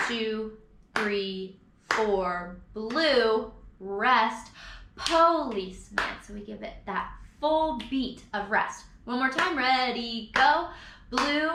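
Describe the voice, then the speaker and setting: A woman teaches a recorded music lesson to children at an unhurried pace, chanting rhythm words and counting out beats. Her voice sits a little high. The recording is echoey, with steady noise behind her. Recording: echoey room with background noise.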